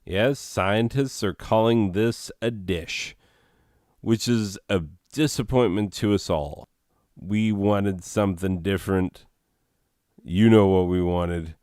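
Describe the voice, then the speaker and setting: A man's voice: fairly low pitch, slow pace, darkish tone, dry recording, studio quality. A man hosting a comedy video, reading absurd entries and riffing on them with sarcastic, rambling asides.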